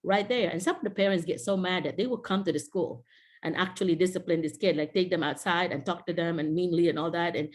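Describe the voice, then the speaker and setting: A woman's voice: on the low side, fast talker. A middle-aged woman from the Philippines with a Filipino accent, a teacher mentor talking casually on a video call, telling classroom stories and often quoting people with a laugh. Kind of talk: casual Zoom talk to teachers.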